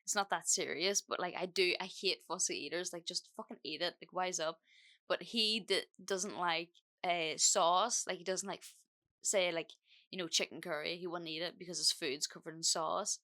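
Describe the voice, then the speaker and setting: A woman's voice: fairly low pitch, fairly even intonation, normal speed, bright, forceful tone. Frank, chatty woman. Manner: chatty, frank, swears freely, many fillers. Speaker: podcast host. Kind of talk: casual storytime monologue.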